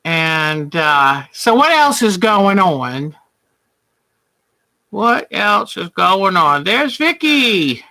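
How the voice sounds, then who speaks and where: A woman's voice: medium pitch, bright, forceful tone. A woman hosting a casual quilting livestream, chatty and affectionate, calling viewers honey.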